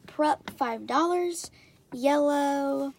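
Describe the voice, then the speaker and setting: A young woman casually chatting while unboxing and trying slimes, sometimes squealing and sometimes dropping to a soft near-whisper. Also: high-pitched, drawn-out words, creaky. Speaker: slime reviewer. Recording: loud background noise.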